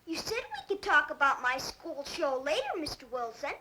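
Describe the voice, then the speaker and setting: A woman voicing a mischievous, pushy little boy in a cartoon, with a high, chirpy child voice. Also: very animated, normal speed, bright, forceful tone, heavily acted. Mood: eager. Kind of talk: cartoon voice acting. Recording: noisy old TV audio.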